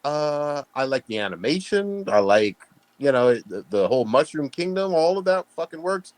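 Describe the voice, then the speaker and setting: A man's voice: fairly high pitch, big pitch swings, normal speed, a little mellow, dry recording. Man, podcast host, blunt, swears a lot, dry close sound. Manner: blunt, profane, emphatic. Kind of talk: casual podcast chat.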